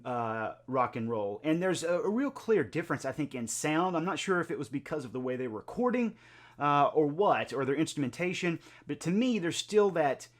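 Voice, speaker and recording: A man's voice: fairly high pitch, sing-song, normal speed. Chatty man hosting a music reaction. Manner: chatty and conversational with frequent filler words. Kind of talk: casual reaction video talk.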